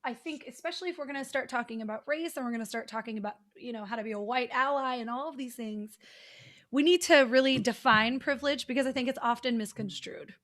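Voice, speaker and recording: High-voiced woman podcast host. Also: quick pace, fairly bright tone. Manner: explanatory, teacherly, talks in long flowing sentences. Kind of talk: casual conversational interview.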